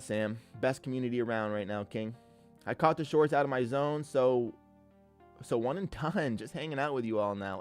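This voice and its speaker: A man live-streaming his day trades, talking through the charts in a laid-back, upbeat way and greeting chatters as king and brother. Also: on the high side. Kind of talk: live trading commentary with chat shout-outs.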